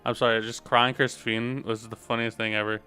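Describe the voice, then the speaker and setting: A man's voice: mid-range voice, flat delivery, moderate pace, sharp tone, faint music behind. A young man streaming a game, chatting casually with jokes and rambling asides.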